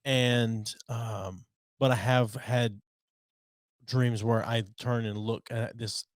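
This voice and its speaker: A man of middle pitch talks things through slowly on a casual podcast, pausing and restarting as he thinks. The sound is close and dry. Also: steady tone, no echo. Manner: thoughtful, hesitant, with many fillers. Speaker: podcast co-host. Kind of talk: casual chat.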